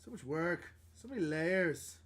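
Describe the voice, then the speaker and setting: A man's voice: on the high side, animated, measured pace, a bit bright. A young man chatting casually on a live stream while drawing, thinking aloud and laughing often. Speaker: livestream artist.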